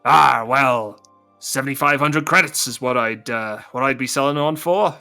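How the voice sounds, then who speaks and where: A man doing a gruff cyborg pirate trader. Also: mid-range voice, moderate pace, sharp tone, soft background music. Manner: growling pirate drawl. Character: gruff male cyborg pirate black marketeer.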